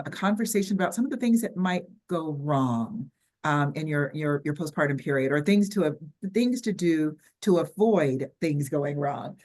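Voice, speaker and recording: A low-voiced older woman with a Southern US accent leads an online workshop via video call. Her chatty talk stumbles along with many ums and restarts.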